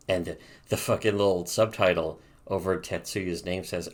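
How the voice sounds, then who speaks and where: A man's voice: sits low, normal speed. A man co-hosting a podcast, chatting casually and sarcastically about webcomics, rambling and swearing a lot. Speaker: podcast co-host reviewing webcomics. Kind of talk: casual profane podcast chat.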